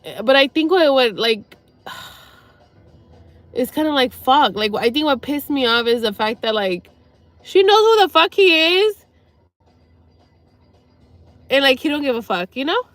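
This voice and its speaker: High-voiced woman, tearful and rambling. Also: animated, fairly bright tone, no room sound, faint music behind. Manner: rambling, sweary, halting with sighs. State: near tears. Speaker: livestreamer. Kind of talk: emotional personal talk to viewers.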